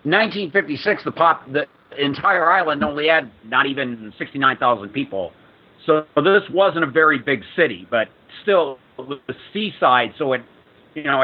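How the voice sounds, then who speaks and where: A player presenting an adventure draft reads it aloud, then patiently explains background details in casual chat. His voice is mid-range and husky, with lo-fi sound.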